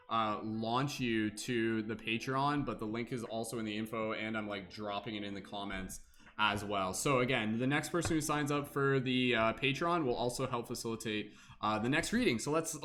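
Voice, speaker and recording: A man's voice: mid-range voice, fairly bright tone. Young male livestream host, mid-range voice, loose and upbeat, full of fillers. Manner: upbeat, chatty, many fillers, laughs often. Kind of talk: casual livestream chat.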